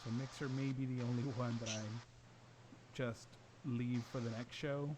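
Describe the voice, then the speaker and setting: A man's voice: mid-range voice, steady tone, moderate pace, darkish tone, low-quality recording. A man hosting a gaming podcast in casual chat, upbeat and chatty with frequent laughs. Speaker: podcast host. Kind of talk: casual chat while setting up a livestream.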